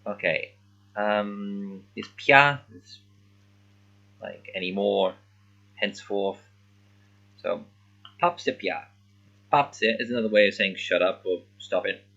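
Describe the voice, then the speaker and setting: Guy slowly sounding out words in a casual read-along, kinda muffled lo-fi audio. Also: fairly low pitch, steady tone, fairly bright tone. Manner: thinking aloud, sounding out words haltingly. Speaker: language learner.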